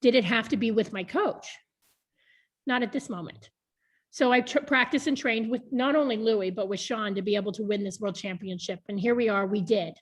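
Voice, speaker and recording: Speaking at a normal speed in a medium-pitched voice, a board member in her thirties is interviewed over a laid-back video call. She's frank about her past and laughs often.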